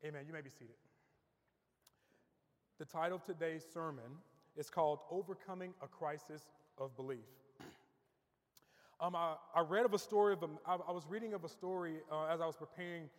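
High-voiced male preacher in a reverberant hall. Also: normal speed, pauses often. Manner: preaching with rising emphasis, repeats words as he builds. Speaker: pastor. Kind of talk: sermon. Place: church sanctuary. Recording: long reverb of a church hall.

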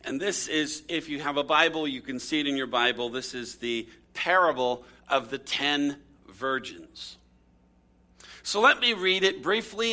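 Male pastor, sermon delivery, bright tone, dramatic storyteller. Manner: storytelling with dramatic swings in pitch and volume.

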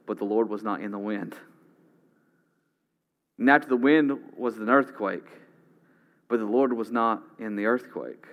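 Guy preaching a sermon, lowish voice, goes big then drops real quiet. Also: steady tone, moderate pace. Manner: dramatic, swinging from loud to hushed.

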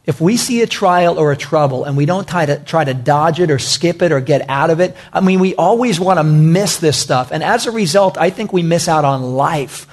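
A male pastor preaching with a slightly higher voice. He repeats short phrases for emphasis and calls his listeners "guys". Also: normal speed, few pauses. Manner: emphatic and repetitive, talks to the congregation as "guys". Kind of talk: sermon.

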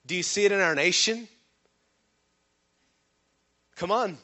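A man's voice: slow pace, bright, forceful tone. A man preaching a sermon, questioning his congregation and drawing responses from them. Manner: acts out quoted voices with sudden pitch jumps. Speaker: pastor.

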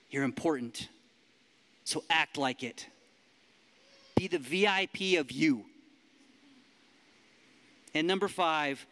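A man preaching a sermon as pastor, lively and emphatic, leading the room in declarations. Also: on the high side, smooth. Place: church hall. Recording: long hall reverb.

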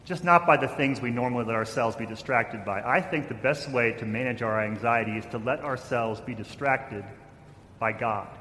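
A man's voice: medium pitch, normal speed. Man preaching in an echoey church. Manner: storytelling with shifts in loudness, acting out quotes. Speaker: pastor. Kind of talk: sermon. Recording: echoey hall, faint noise.

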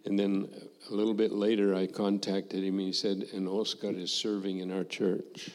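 An older man, a former missionary, telling a personal testimony to a congregation in a slow, reflective way, acting out the dialogue he recalls. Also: low voice, flat delivery, darkish tone, in a large hall, a little hiss or hum.

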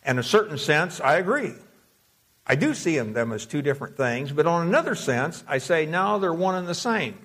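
Slow, deliberate preacher man, higher voice. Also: fairly bright tone, breathy edge. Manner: measured teaching, slows to dwell on key words; reads scripture aloud in King James wording. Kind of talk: expository sermon.

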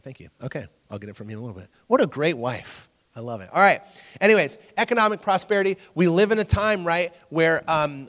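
A man's voice: fairly high pitch, a bit bright. A man, preaching a casual, conversational sermon, asking his audience questions and joking with them. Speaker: pastor. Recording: long hall reverb.

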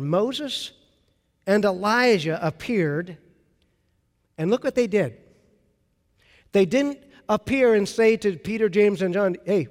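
A man preaching a sermon, telling the story with animated retelling and acted-out quotes. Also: sits high. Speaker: pastor. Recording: long hall reverb.

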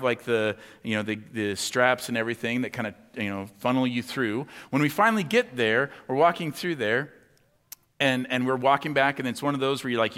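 A man's voice: mid-range voice, fairly bright tone. Man preaching in a reverberant hall. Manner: conversational storytelling, many fillers, acts out quotes. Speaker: pastor. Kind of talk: sermon with personal story.

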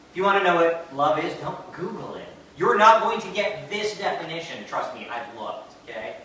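A man preaching to his congregation, dropping into quiet asides and then slowing for big emphatic declarations. His voice is bright and a touch high. He is heard from far off in a very echoey hall with faint noise behind. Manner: asks the congregation questions and answers back. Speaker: pastor. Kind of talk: sermon.

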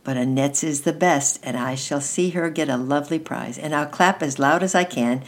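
A woman voicing an excited, chatty little boy in a storybook reading, calling out high and eager. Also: moderate pace. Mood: dreamy murmur.

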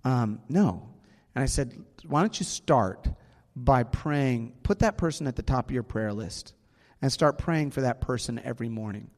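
A man preaching a sermon as pastor, earnest and slowing down to stress key words, in a church sanctuary. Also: mid-range voice. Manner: earnest, slows down for emphasis. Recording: long hall reverb, faint music.

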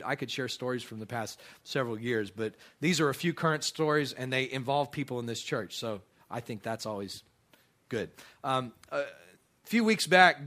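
Middle-aged male pastor, bright and forward tone, animated storyteller who stumbles and restarts often. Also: mid-range voice. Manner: animated storyteller, quotes others in lively voices, many restarts. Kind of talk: sermon storytelling.

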